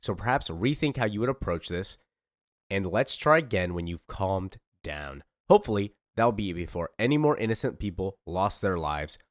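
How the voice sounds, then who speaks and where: A man voicing a calm, commanding warrior woman hero, speaking firm and measured. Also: sits low, no room sound, studio quality.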